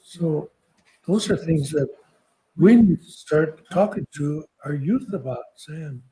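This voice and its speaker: Older man, somewhat high, mellow tone; halting reflective storyteller, soft-spoken. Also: expressive, rough recording. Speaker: podcast guest speaker.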